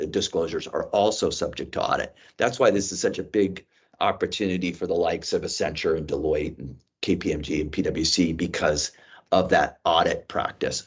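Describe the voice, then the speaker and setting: Low-voiced man explaining on a webinar. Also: breathy edge. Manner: measured, explanatory, with restarts. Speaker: company executive on a vendor webinar. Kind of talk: unscripted webinar presentation.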